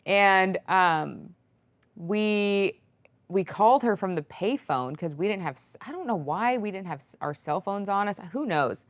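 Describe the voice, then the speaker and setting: A woman's voice: medium pitch, animated, unhurried. Rambling, chatty woman telling a story. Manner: rambling, full of "like" fillers, quoting herself. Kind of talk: casual chat, storytelling.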